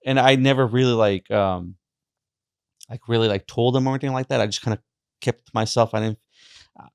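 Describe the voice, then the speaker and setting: A young man, a podcast guest, telling his personal faith story in a halting way, with many restarts and fillers. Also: mid-range voice, fairly even intonation, gravelly, smooth, no echo.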